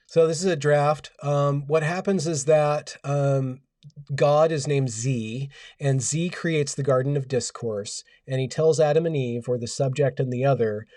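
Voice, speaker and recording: Dark-voiced man rambling on a livestream. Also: on the high side, dry recording, clean studio sound, recorded from a distance. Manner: rambling, wry, reads out chat comments. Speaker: livestream host. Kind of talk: casual livestream chat. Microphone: home audio setup.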